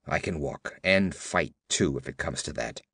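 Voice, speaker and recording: Stern tough old frontierswoman, read by a man, gruff and grunting, dry close mic. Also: extremely low pitch, expressive, moderate pace, bright, forceful tone, no echo, pitched below the performer's own voice, full character voice. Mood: grim.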